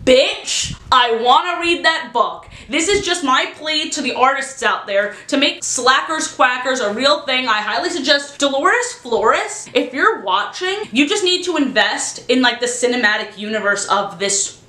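A woman vlogging a casual book review, animated and sarcastic, swearing freely. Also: high voice, a little slow, few pauses. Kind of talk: casual chat. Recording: echoey room.

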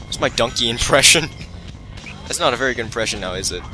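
Rattling along very fast in a mid-range voice, a let's play commentator laughs at his own mistakes and talks to himself with excitable energy. Soft music plays behind him, and the audio quality is poor.

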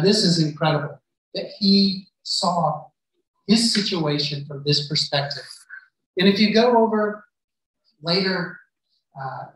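A male preacher tells a scripture story to his congregation and voices the characters' lines as he goes. His voice sits at an ordinary pitch for a man. It is picked up from a distance and rings heavily around a large church hall. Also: a bit bright. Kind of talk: sermon retelling a Bible story. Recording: very echoey hall, voice far from mic.

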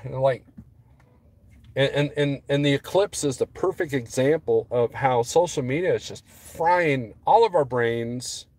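A man's voice: medium pitch, a little slow, hardly any pauses, a little mellow. A man vlogging as a trucker, rambling casually to his viewers and getting worked up as he talks. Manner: rambling, restarts often, gets heated.

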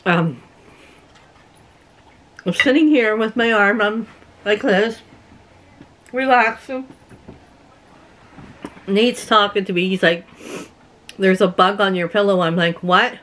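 A woman's voice: medium pitch, slow pace, pauses often, fairly bright tone. A middle-aged woman from Canada chatting casually to her viewers from her rural home, telling stories and laughing often. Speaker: vlogger. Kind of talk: casual chat to camera.

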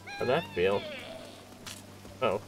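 A man's voice: very slow, a little hiss or hum. A man casually commenting while streaming a video game live, joking and talking to himself.

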